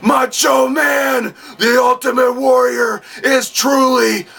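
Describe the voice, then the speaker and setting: A man putting on the voice of an intense, mystical male pro wrestler who shouts slow, strained declarations. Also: extremely high pitch, level tone, gravelly, slightly rough, far from the mic, voice pushed up, heavily acted.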